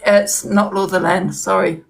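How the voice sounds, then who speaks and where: A woman appears as an interview guest in casual live-stream chat, sounding heated and emphatic and often repeating herself. Her voice is mid-range, level in tone, and creaky, at a normal speed.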